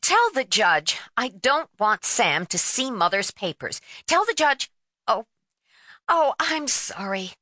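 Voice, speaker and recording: A woman's voice: fairly high pitch, very animated, takes it slowly, sharp tone, dry recording, studio quality, pitched above the performer's own voice, heavily acted. Woman voicing a stern, frantic woman on the phone. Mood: stern, harried. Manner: stern, then breathless and desperate. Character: stern, frantic middle-aged woman caller.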